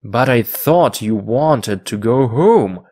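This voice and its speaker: A man's voice: medium pitch, expressive, slow, a little mellow. A man voicing an eager, loyal young island man from a storybook, speaking in earnest, emphatic exclamations. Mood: pleading. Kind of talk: slow read-aloud of a storybook.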